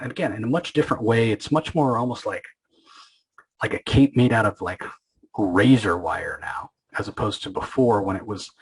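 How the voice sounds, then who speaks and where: Low husky man casually recapping comics. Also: fairly bright tone, low-quality recording. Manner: loose, rambling retelling with frequent fillers and restarts. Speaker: podcast host.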